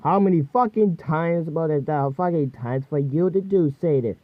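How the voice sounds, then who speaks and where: A man rambling in a halting, jumbled way, voicing over a cartoon. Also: fairly high pitch, narrow, tinny audio. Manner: jumbled, halting speech with many restarts.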